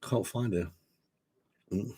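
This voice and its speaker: A man's voice: fairly low pitch, slow, heavy background noise. A man, hosting a casual livestream chat, swearing and laughing as he talks. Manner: chatty, swears, laughs a lot. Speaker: host.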